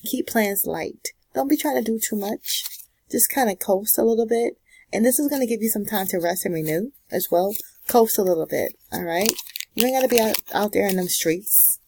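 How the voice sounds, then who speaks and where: A woman's voice: mid-range voice, darkish tone, slight background noise, rough recording. A woman giving a casual pick-a-card astrology reading, with sassy, slangy, direct advice. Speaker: tarot and astrology reader.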